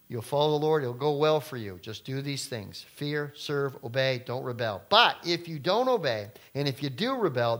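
A middle-aged pastor delivers a sermon, chatting casually with his congregation before suddenly getting loud to drive a point home. His voice sits on the high side.

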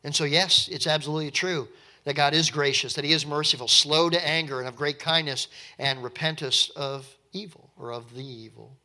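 A male pastor preaching at an evening church service. His voice sits a little high and rings bright, and he keeps the sermon conversational and animated, with dry, wry asides along the way. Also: a little fast.

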